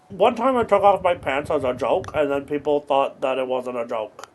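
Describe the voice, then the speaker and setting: A man's voice: fairly high pitch, expressive, slow pace, pauses often, a little hiss or hum. Man in his thirties rambling offbeat jokes. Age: 30s. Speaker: gaming video host. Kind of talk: absurdist comedy gaming commentary.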